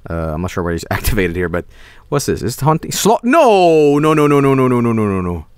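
A young man streaming a video game, excitable and swearing, often yelling at the characters on screen. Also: mid-range voice, a little fast, smooth, no room sound. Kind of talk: gaming livestream commentary.

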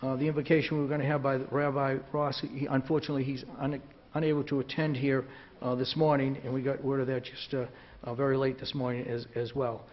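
A man with a raspy, hoarse voice from a cold, chairing a formal city council ceremony, halting with fillers and restarts. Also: medium pitch, level tone, muffled recording, slight background noise. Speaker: council president running the ceremony.

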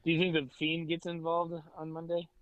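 A man's voice: a little high, completely flat delivery, a little fast, fairly bright tone, highs cut off. A man co-hosting a podcast in casual, laid-back chat, laughing easily. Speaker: podcast co-host.

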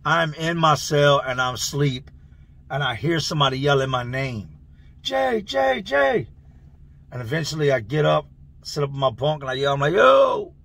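A man telling a long story in a loose, slangy, animated way. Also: mid-range voice, fairly quick. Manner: loose, slangy, animated, laughs through the tale. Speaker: channel host telling prison stories. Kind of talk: casual storytelling.

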